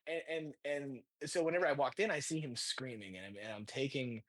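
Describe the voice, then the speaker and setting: A man, a stand-up comedian guest, telling an animated story with laughs and acted-out quotes. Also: medium pitch, fairly quick. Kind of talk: casual storytelling.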